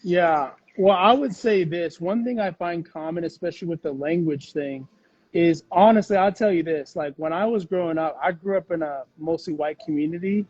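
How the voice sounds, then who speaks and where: A man's voice: a little high, moderate pace, darkish tone, husky, muffled recording. A man talking as an interview guest, rambling with fillers and restarts in casual conversation. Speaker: podcast guest.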